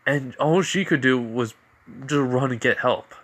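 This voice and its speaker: A man's voice: mid-range voice, a little slow, a bit bright. Rambling man telling a fan story. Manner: rambling, full of "you know" and restarts. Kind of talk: improvised fan-fiction narration.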